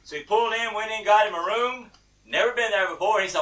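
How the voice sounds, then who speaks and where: Brief: animated male preacher, sharp bright tone, telling stories from the pulpit. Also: high voice, quick pace. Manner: folksy, animated, laughing at his own story. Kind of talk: sermon storytelling. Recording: distant mic.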